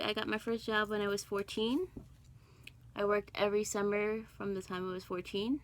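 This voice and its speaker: A woman's voice: mid-range voice, sharp tone, poor audio. A middle-aged woman, born in Guyana and raised in Brooklyn, chatting casually to camera with lots of ums and asides. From born in Guyana, raised in Brooklyn, New York. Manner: chatty, rambling with many ums and self-talk. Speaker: cross stitch vlogger.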